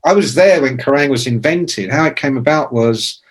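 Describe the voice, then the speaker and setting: A man in his sixties tells stories in a relaxed, chatty way. He swears freely and throws in sudden loud imitations of voices and sounds. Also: mid-range voice, moderate pace, breathy edge. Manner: animated anecdotes with shouted imitations; swears casually. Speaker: interview guest, music journalist. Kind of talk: casual storytelling.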